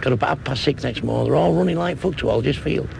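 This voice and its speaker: A man's voice: mid-range voice, quick pace, vocal fry, background noise. A man with a Mancunian accent doing a crude stand-up comedy routine, chuckling at his own punchlines.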